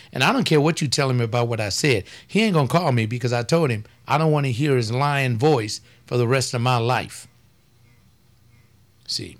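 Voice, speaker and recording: Blunt, emphatic man preaching in casual talk. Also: medium pitch. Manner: emphatic, folksy and blunt, with drawn-out stressed words. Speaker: pastor and talk show host.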